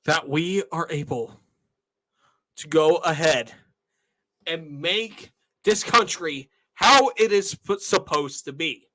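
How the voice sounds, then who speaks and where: A man's voice: on the high side, slow pace, long pauses, a bit bright. A young man in his twenties hosting his channel, talking earnestly and emotionally to viewers and repeatedly asking "all right?". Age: 20s. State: emotional, tearing up. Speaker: channel host. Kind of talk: casual monologue to viewers.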